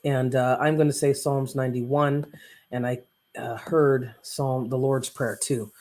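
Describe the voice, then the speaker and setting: A man's voice: medium pitch, steady tone, measured pace, a little mellow. A man hosting a casual live stream as a coach, rambling and preachy with self-interruptions, who recites psalms aloud.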